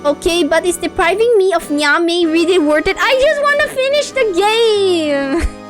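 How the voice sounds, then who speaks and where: A young woman streaming a game, chatting with viewers in a playful way and swearing casually. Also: sits high.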